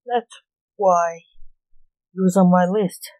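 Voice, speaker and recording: A woman's voice: fairly low pitch, fairly even intonation, takes it slowly, a little mellow, no echo, rough recording. A woman voicing a sarcastic young male superhero in a read-aloud story. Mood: stern.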